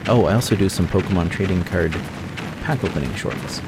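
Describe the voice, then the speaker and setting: A tired American man giving relaxed, rambling commentary over his gameplay as the host of a gaming channel. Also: sits low, moderate pace, pauses often, heavy background noise. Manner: relaxed, rambling, self-correcting. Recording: loud game sound effects behind voice.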